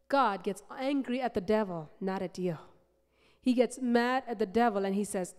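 A woman preaching a sermon in a church, passionate and emphatic, repeating phrases and swinging between loud build-ups and soft, low passages. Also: normal speed, clear, resonant tone. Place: church sanctuary. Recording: long reverb of a church hall.

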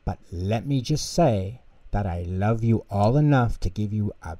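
A man voicing a big kindly male bear in a bedtime storybook, gentle and warm-hearted. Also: fairly low pitch, animated, a little slow, dry recording.

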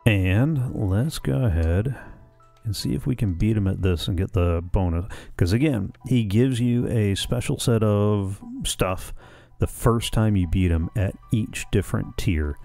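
A man talks his way through a video game in a relaxed, chatty, thinking-aloud manner. His voice sits very low with a gravelly edge and a dark, mellow tone. Faint game music plays underneath. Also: measured pace. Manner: chatty, muses aloud, reads game dialogue plainly. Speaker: let's play host. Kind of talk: casual gameplay commentary.

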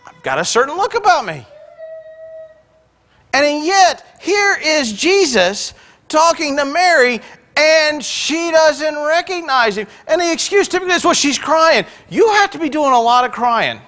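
A man's voice: very high voice, sing-song, unhurried, pushed and bright. A man who is a pastor, preaching a sermon in a church. He retells scripture in everyday words and mixes in joking asides. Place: church sanctuary.

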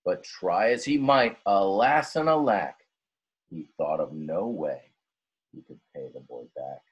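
A male teacher reading a rhyming story aloud in an expressive, sing-song way. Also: low-pitched, measured pace, slightly rough, lo-fi sound.

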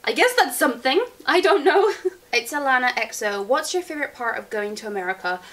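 A young woman with a fairly high voice chats casually through a viewer Q&A. She rambles and giggles as she goes. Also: big pitch swings, fairly quick, a bit bright. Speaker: beauty vlogger. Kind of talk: casual Q&A chat.

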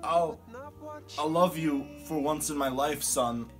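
A man playing an eccentric, melodramatic father in a comedy sketch, talking theatrically and swinging from hushed whispers to loud outbursts. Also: fairly high pitch, slow, faint music behind. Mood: pleading.

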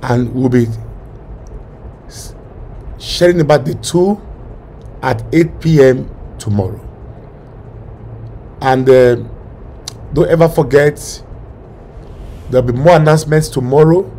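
A man's voice: mid-range voice, slow, long pauses, warm tone, a little hiss or hum. A male preacher leading a fervent prayer sermon, commanding and repetitive, with bursts of speaking in tongues.

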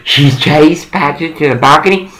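A man's voice: a little high, moderate pace, a bit bright. A middle-aged man on a one-sided phone call, rambling, coaxing and profane. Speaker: caller.

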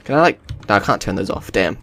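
A man giving casual, jokey commentary as he plays a stealth game, swearing and bursting into excited shouts. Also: fairly low pitch, fast. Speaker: gameplay commentator.

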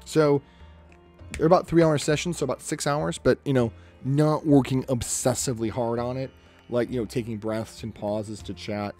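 Faint music sits behind a man speaking at a moderate pace with a medium, darkish voice and fairly even intonation. He's livestreaming a drawing session, talking casually with chat and muttering and rambling as he draws.

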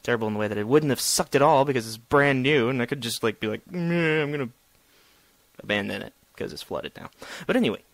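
A young man narrates his solo gameplay in a chatty, sarcastic ramble, scolding and coaxing the objects around him. His voice sits at an ordinary middle pitch. He is recorded close on a desk microphone. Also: lively intonation, fast talker, few pauses, no room sound. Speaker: gamer.

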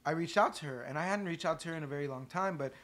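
A man co-hosting a casual podcast, telling a story in an animated, profane way. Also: a little high, very fast, a loud crowd. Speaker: podcast co-host, band member.

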